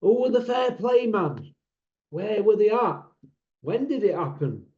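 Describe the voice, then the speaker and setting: Man, blunt and mocking, slightly high voice, roomy dull-sounding recording. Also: big pitch swings, unhurried, darkish tone. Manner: blunt, mocking, rhetorical questions. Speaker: boxing channel host. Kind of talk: casual opinion monologue. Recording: echoey room, dull lo-fi sound.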